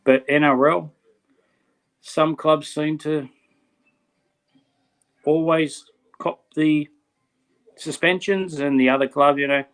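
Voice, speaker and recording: A man's voice: fairly high pitch, fairly even intonation, slow, pauses often, fairly bright tone. A middle-aged Australian man co-hosting a podcast, talking bluntly and with passion, often saying "mate". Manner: blunt, impassioned, many "mate"s. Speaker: podcast co-host. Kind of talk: casual podcast chat.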